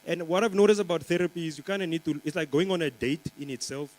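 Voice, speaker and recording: Onstage at a conference, this young Namibian comedian riffs through a meandering set in front of a live crowd, ribbing them and leaning on plenty of fillers. He talks quickly in a fairly high, darkish voice, and the audio is poor.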